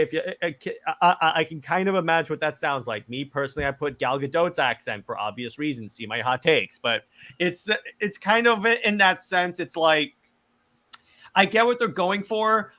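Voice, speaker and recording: A man co-hosting a podcast in casual chat, animated and opinionated, with quick restarts. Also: a little high. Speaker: podcast co-host.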